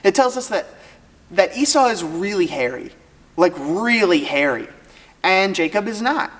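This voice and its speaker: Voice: medium pitch, measured pace. Casual storyteller in a reverberant hall. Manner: lively retelling with joking asides. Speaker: student ministry teacher.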